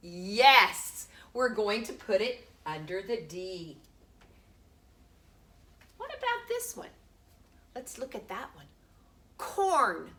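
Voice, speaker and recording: Slow sing-song preschool teacher, bright voice. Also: female voice, medium pitch, very animated. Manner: slow, sing-song, sounds out letters with emphasis. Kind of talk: teaching a phonics lesson to young children. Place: home room.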